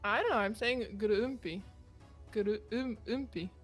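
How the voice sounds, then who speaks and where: A Canadian woman co-casting a game stream, telling animated stories with frequent laughter. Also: a little high, soft background music. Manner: animated storyteller, quick laughs. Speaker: esports caster. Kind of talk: casual stream chat.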